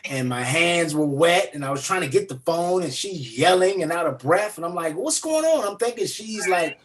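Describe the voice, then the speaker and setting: A man's voice: on the high side, normal speed, slight background noise. A man on a video call from a room at home, chatting as an interview guest and animatedly acting out the voices in his story. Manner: animated storyteller who acts out quoted voices. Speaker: nominated actor guest. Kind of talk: casual interview chat.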